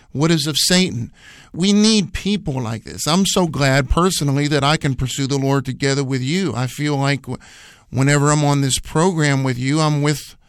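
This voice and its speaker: A man with a fairly high voice explains scripture on a radio program in an earnest, preacherly way, repeating phrases for emphasis. The sound is dry and close, with no room around it. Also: a bit bright, no echo. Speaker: radio Bible program co-host. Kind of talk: earnest teaching conversation.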